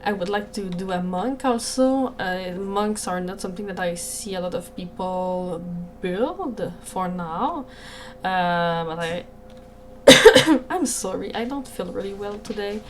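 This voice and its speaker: A woman with a French Canadian accent streams alone from her home, talking casually into a desk microphone at a middling pitch. She sounds apologetic and hesitant, and she often trips over her words and starts her sentences again. A faint hum of noise sits behind her voice. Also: animated, slow. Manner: apologetic, hesitant, with frequent restarts. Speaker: streamer and game creator. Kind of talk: casual livestream chat.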